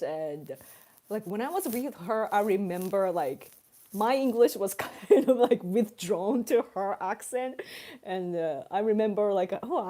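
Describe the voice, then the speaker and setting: Japanese-accented female streamer, English is a second language, bouncy intonation, unhurried, laughs a lot. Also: medium pitch, dark tone. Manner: chatty, laughs often, acts out examples. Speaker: livestream host reading chat. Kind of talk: casual chat.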